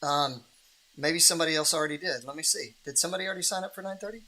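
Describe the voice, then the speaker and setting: A man's voice: on the high side, very fast, pushed and bright. A man hosting a livestream Bible reading in a casual, rambling way, with many restarts and fillers.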